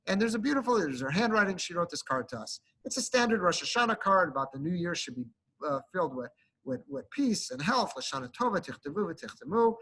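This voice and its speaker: A man, a rabbi, giving an earnest sermon to his congregation, often building to emphatic, animated peaks. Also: sits high, quick pace, slightly rough, poor audio. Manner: speaks to a congregation while showing a card.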